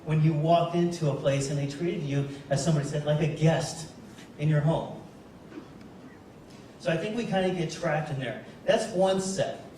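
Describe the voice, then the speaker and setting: A motivational speaker delivers a keynote, telling a story and addressing the audience directly. His voice is fairly high and mellow, at a moderate pace, with a slight hiss or hum. He is captured from a distance in a large event hall that sounds very echoey.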